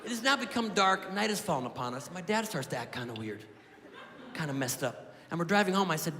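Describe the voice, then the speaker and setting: A man doing stand-up storytelling, with a deadpan delivery and quick punchlines, on a stage mic in a club. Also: on the high side. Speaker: stand-up comedian. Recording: echoey hall with crowd and noise.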